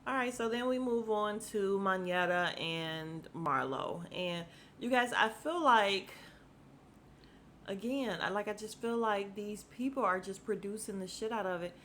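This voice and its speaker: Woman podcast host, AAVE, lively gossip delivery, mid pitch, faint hiss behind. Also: a little slow. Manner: animated, slangy, acts out quotes. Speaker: podcast host recapping reality TV. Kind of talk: casual chat.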